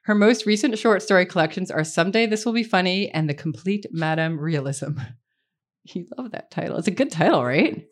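A woman's voice: lowish voice, lively intonation, a little fast. Playful woman host introducing an author. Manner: playful, self-deprecating, laughs often. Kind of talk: live bookstore introduction with banter. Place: bookstore reading event.

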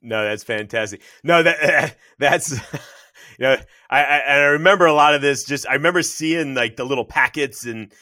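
A man's voice: medium pitch, normal speed, sharp tone, dry recording, studio quality. A man hosting a casual interview, chatting loosely with plenty of fillers. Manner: loose, many fillers and restarts. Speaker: podcast host.

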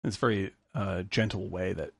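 A man co-hosting a casual film-review podcast, animated and quick to laugh, often restarting his sentences. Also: deep voice, creaky, no echo.

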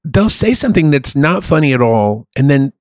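A man's voice: a little high, big pitch swings, normal speed, a little mellow, dry recording. A man co-hosting a podcast, chatting casually and bluntly, swearing often as he rants. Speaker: podcast co-host. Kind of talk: casual profane chat.

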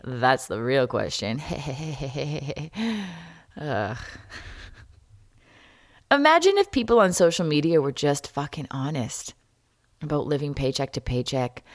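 A woman hosting a solo podcast, talking candidly and wryly, jumping between loud jokes and quiet asides. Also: deep voice, no room sound, studio quality. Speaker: podcast host.

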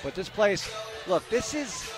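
A man's voice: sits high, a little slow. Chatty male radio host. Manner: chatty, rambling, animated. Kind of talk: casual radio chat. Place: on location at a bar in London. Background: music.

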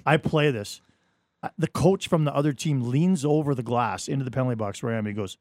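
A man, a sports journalist guest in a radio studio, telling lively anecdotes and acting out the voices in them. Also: mid-range voice, brisk, dry recording. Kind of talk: animated in-studio storytelling.

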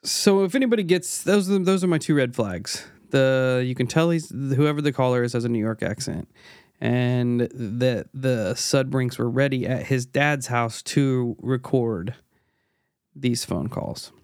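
A man's voice: medium pitch, unhurried, a little mellow, no room sound, clean studio sound. A man co-hosting a podcast, talking through a recording in a casual, analytical way, with restarts. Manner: analytical, pointing out details, with restarts. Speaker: podcast co-host. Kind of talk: casual chat.

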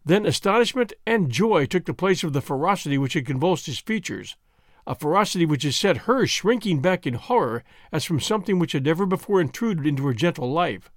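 Lively, expressive male storyteller. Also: a little high, a little fast, dry recording, studio quality. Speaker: audiobook narrator. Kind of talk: scripted narration.

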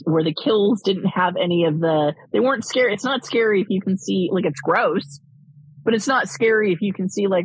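A woman's voice: mid-range voice, moderate pace, slightly rough, dry recording, poor audio. A woman co-hosting a casual film-review chat, rambling and swearing, with lots of fillers. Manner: rambling, profane, many fillers.

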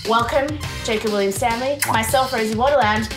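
A woman's voice: fairly high pitch, brisk, music in the background. A woman co-hosting a podcast in casual comedic chat from a hotel suite, bubbly and rambling. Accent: Australian. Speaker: podcast co-host.

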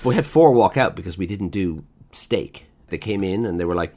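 Man, low voice, restaurant owner, casual chat, blunt and profane anecdotes. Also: animated, normal speed, few pauses, darkish tone. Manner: blunt storyteller who swears freely and acts out customers. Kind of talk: casual podcast conversation.

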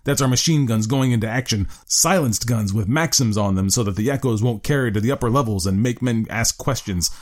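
A man's voice: mid-range voice, fairly quick, few pauses, natural voice. A man voicing a grim middle-aged man who hunts ghouls beneath the city, fervent and gloating. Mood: frenzied. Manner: fervent, rising to frenzied gloating. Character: grim middle-aged male underground ghoul-hunter chief. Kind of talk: dramatic story reading.

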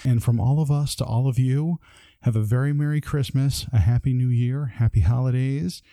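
Man, podcast host, deep mellow tone, dry close sound, earnest sign-off. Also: dry recording. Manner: earnest, with occasional halting fillers. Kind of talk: scripted closing thanks.

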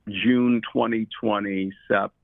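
A man's voice: lowish voice, steady tone, slow pace, vocal fry, no room sound. A man speaking as a guest in an interview, rambling with many fillers and restarts. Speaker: guest commodities trader. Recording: tinny phone line.

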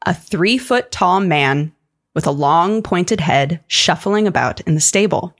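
Lively woman telling a story. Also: on the low side, a little slow. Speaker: podcast guest storyteller. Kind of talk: storytelling narration.

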